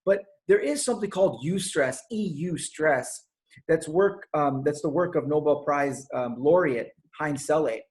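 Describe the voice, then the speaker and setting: A man with a somewhat high voice gives a motivational talk over a video call. He tells stories in a conversational way and pauses for fillers as he searches for words. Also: animated, a little mellow. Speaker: speaker.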